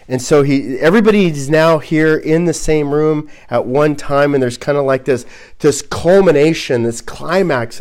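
A man preaching an expository sermon as a pastor, halting and repeating words as he works through his points, and posing rhetorical questions. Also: medium pitch, a little mellow. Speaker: pastor teaching a Bible series.

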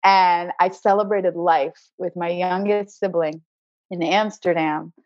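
A woman's voice: on the low side, steady tone, takes it slowly, darkish tone, dry recording. Earnest woman telling a personal story. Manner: earnest and spiritual, repeats words as she searches. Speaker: podcast guest, acupuncturist. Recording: dry, slightly dull recording.

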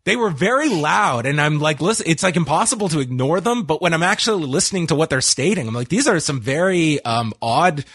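A man's voice: a little high, lively intonation, a little fast, few pauses, a bit bright, slightly rough, dry recording. Dry-toned man recapping wrestling. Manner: dry, wry recap with hesitations. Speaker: wrestling show reviewer. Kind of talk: casual recap chat.

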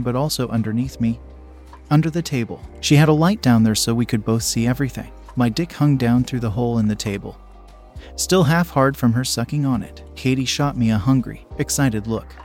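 A man reading a first-person story aloud in a steady, measured storytelling voice. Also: medium pitch. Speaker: narrator.

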